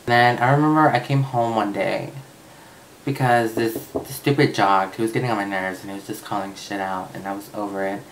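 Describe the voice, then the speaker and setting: A man's voice: fairly low pitch, fairly even intonation, a little fast, a little hiss or hum, low-quality recording. A young man vlogging, telling a personal story in a casual, chatty way with lots of fillers and swearing.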